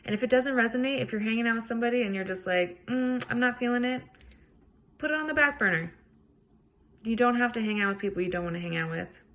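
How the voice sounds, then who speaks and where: A woman's voice: fairly high pitch, expressive, fast, a bit bright. Earnest, casual woman podcast host. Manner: casual, earnest, swears freely. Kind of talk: solo self-help podcast talk.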